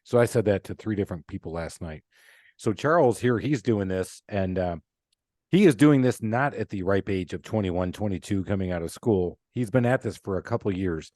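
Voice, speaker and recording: A man's voice: fairly low pitch, animated, normal speed, darkish tone, dry recording, studio quality. A man hosting a podcast interview, chatty and enthusiastic, talking casually with plenty of fillers. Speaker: podcast host.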